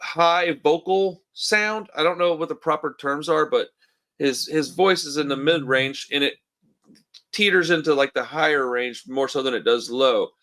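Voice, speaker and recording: Male podcast co-host, casual and enthusiastic, bright forceful tone, slightly higher pitch. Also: normal speed. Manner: enthusiastic, says dude and bro a lot. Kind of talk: casual chat. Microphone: remote call mic.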